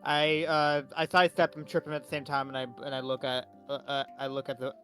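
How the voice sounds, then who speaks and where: A man's voice: a little high, completely flat delivery, fast talker, fairly bright tone, faint music behind. A man playing a paladin in a tabletop game, talking hesitantly and stumbling over words. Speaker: player. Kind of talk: in-character tabletop play.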